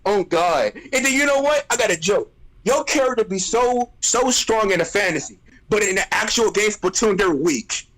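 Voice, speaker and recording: A man streaming, ranting in casual chat, animated and exasperated, roasting people with repeated phrases. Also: high-pitched, normal speed, poor audio.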